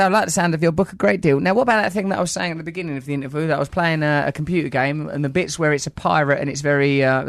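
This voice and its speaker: Middle-aged man, podcast host, rapid playful rambling talk, dry close sound. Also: mid-range voice, dry recording. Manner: playful, rambling, philosophical musing. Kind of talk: casual conversational interview.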